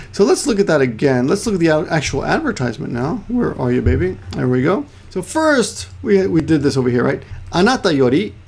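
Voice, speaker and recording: Gravelly man teaching Japanese casually. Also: a little high, a little mellow. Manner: explains word by word, repeats words, self-corrects. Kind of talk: casual screen-share lesson.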